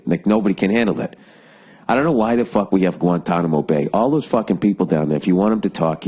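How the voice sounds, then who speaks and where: A man's voice: low voice, dark tone, breathy edge. A man hosting a solo podcast, rambling and sarcastic, swearing constantly, with a lingering cough. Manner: profane, sarcastic, riffing. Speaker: podcast host.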